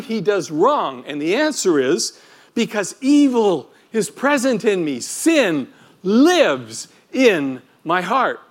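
A pastor with a high-sitting voice preaches a sermon in an animated, conversational manner, packed with rhetorical questions.

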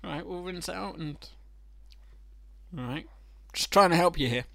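A man co-hosting a casual film chat podcast, playful and deadpan. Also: a little high, moderate pace, vocal fry, dry recording. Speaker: podcast co-host. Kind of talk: casual chat about films.

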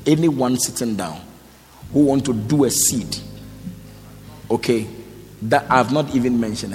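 A man's voice: medium pitch, a little mellow. A man preaching to a congregation, calling people forward for offerings, repeating short commands and firing questions at the crowd. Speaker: pastor. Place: church. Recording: echoey hall with faint noise.

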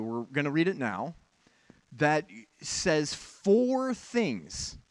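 A man with a fairly high voice preaching a sermon in a frank, conversational manner, often turning aside to talk straight to the congregation. His voice is picked up close and dry, with almost no room sound. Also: fairly bright tone, no echo. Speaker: pastor.

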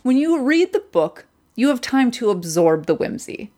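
A woman's voice: on the high side, sing-song, normal speed, warm tone. A woman co-hosting a podcast in casual chat, blunt and ranting with lots of swearing. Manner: blunt and profane, rants with frequent swearing. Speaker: podcast co-host.

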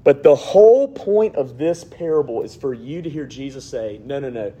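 A man preaching from the pulpit, his voice sitting a little high for a man. He drops into quiet, hushed prayer, then lifts into emphatic, building preaching. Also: sing-song, normal speed, muffled recording. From Alabama, USA. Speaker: pastor. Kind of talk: sermon.

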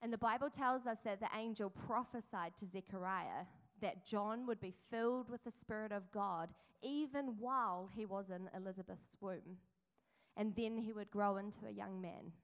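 A woman, preaching a sermon in a chatty storytelling way with asides to the congregation. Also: mid-range voice. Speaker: pastor.

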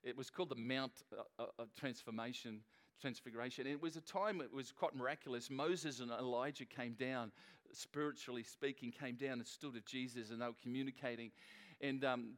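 Here the middle-aged pastor talks fairly quickly in a mid-range voice during a church service. He keeps the sermon casual and humorous, frequently restarting sentences as he goes.

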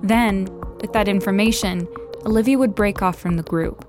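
A woman giving scripted podcast narration in a measured, clear storytelling delivery. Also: medium pitch. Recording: music bed under narration.

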